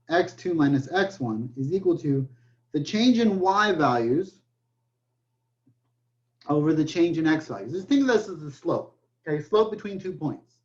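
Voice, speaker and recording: Male math professor, recorded lecture, slow delivery, slightly high voice, dull lo-fi sound, jokey asides. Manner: joking asides, many okays.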